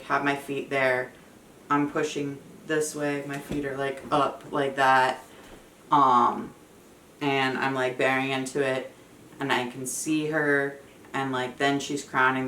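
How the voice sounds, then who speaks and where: A young woman vlogging, retelling a personal story in a loose, chatty way full of fillers. Her voice is bright and a little forceful, set back from the mic in an echoey room. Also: rumbling low, recorded from a distance, slight background noise. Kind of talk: casual storytelling to camera.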